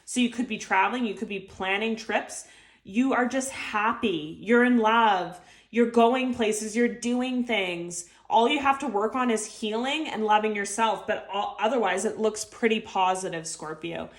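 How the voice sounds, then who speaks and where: A woman reads tarot cards for her viewers in an earnest, heartfelt way. She talks straight to the listener at a mid pitch, and her speech is loose and full of filler words. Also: unhurried. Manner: speaks warmly straight to the viewer. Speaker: tarot reader. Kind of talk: intuitive tarot reading to viewers.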